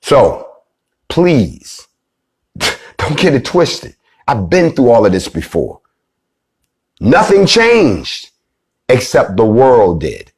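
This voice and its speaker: A man delivering a fiery, profane monologue, swinging between loud outbursts and low, grave preaching. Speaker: movement leader giving a speech.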